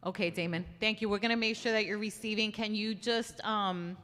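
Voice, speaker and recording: A woman's voice: mid-range voice, fairly even intonation, brisk, a bit bright, big-room sound. A woman chairing a community board meeting, firm and steering the discussion along.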